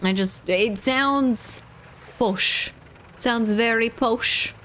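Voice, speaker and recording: Speaking extremely slowly in a fairly high, fairly bright voice, a woman streams herself playing a shooter, with a little hiss or hum on the audio. She reads chat messages out loud, banters playfully, and teases the people watching.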